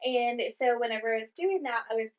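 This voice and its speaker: A woman's voice: on the high side, fairly quick. A woman co-hosting a casual chat podcast, telling a long story in a rambling way and filling it with "like". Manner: rambling storyteller, heavy use of "like", acts out quoted lines. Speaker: podcast co-host. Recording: dull, muffled lo-fi sound.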